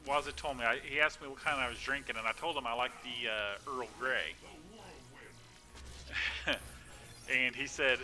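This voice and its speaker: A man's voice: mid-range voice, steady tone, normal speed, pauses often, sharp tone, soft background music. A man chatting casually and laughing often while live-streaming a game.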